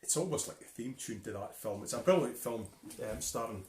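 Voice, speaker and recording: A relaxed Scottish man chats between tunes at a middling pitch, rambling along with plenty of ums and half-finished thoughts. His voice carries the roomy echo of a living-room livestream. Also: brisk, slight background noise. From Scotland. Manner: easygoing, rambling with many fillers. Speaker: fiddler and livestream co-host. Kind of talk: casual chat between tunes. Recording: roomy home livestream audio.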